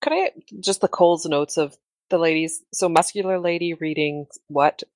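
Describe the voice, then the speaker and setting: A woman's voice: low-pitched, fairly even intonation, normal speed, a little mellow, dry recording, studio quality. A woman playing a tabletop game, playful and teasing. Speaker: player.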